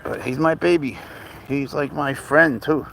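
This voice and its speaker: A man's voice: a little high, fairly even intonation, a little slow, creaky, a bit bright, a little hiss or hum, rough recording. A man hosting a casual live stream outdoors on a walk with his cat, rambling easily through viewer questions and baby-talking his pet. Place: outdoors on a walk near a road.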